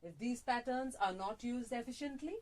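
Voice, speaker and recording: A woman reading a language lesson aloud in a deliberate, sing-song way, recorded in a small radio prerecording room. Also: a little high, a little mellow. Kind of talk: slow, carefully read-aloud lesson on punctuation and intonation. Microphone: phone test broadcast.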